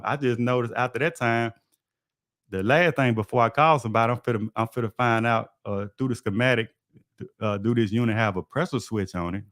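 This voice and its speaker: This man speaks at medium pitch with a somewhat bright tone in a dry, studio-quality recording. As an HVAC technician hosting a livestream, he tells laid-back, folksy stories from the trade.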